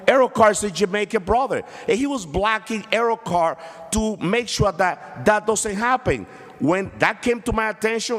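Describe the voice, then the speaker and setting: A man's voice: sits high, fairly bright tone, in a large hall. A man speaking as a city councilman at a council meeting, combative and impassioned, repeating his points. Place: council chamber.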